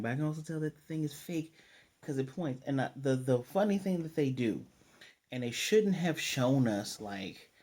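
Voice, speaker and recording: A man's voice: mid-range voice, a little mellow. A man giving a casual, rambling recap and review of a cartoon episode, with exasperated commentary.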